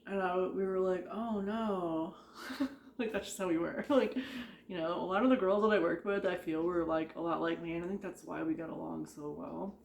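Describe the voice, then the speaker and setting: A woman's voice: fairly low pitch, steady tone, moderate pace, creaky, darkish tone, a little hiss or hum. Woman, vlogger, casual storytelling, rambling and chatty, lots of "like", laughs often, echoey room. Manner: chatty, rambling, heavy use of "like", frequent laughter. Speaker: vlogger recounting retail work stories.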